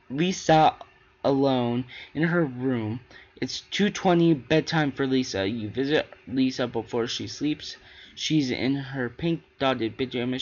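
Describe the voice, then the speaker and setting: A man hosting a gaming channel, reading the text of a horror game aloud in a halting way, with restarts and stumbles. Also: mid-range voice, darkish tone, highs cut off.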